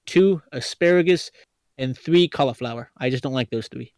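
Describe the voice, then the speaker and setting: A man's voice: mid-range voice, normal speed, darkish tone, no echo. Casual podcast guest, male, hesitant and rambling, playful, accent hard to pin down, dry and close. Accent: hard-to-place, not regional Kentucky. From Lexington, Kentucky, US. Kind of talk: casual chat.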